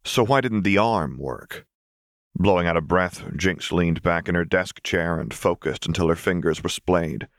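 Deep-voiced man narrating fan fiction. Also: unhurried, no echo, clean studio sound. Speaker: audiobook narrator.

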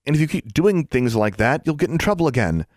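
A man's voice: medium pitch, sing-song, brisk, a little mellow, no room sound, studio quality, pitched above the performer's own voice. A man voicing an anxious, studious young schoolgirl who scolds her friend with worry. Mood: worried. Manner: worried, scolding.

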